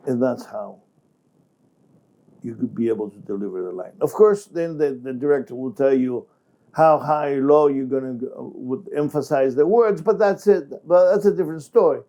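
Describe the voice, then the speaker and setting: A man coaching actors, talking in a halting way with restarts and slightly broken phrasing. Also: medium pitch, dark tone. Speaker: acting coach. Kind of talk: instructional talk to camera.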